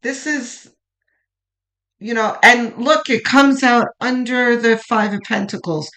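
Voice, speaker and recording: A tarot reader doing a pick-a-card reading, talking in a gentle, reassuring way with frequent restarts and lines that trail off softly. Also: medium pitch, slow.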